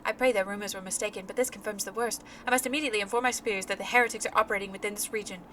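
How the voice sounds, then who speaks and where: A woman's voice: medium pitch, fairly even intonation, rapid-fire, a bit bright, a little hiss or hum, natural voice. A woman reading out a grateful wounded male knight in her own plain voice. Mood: earnest.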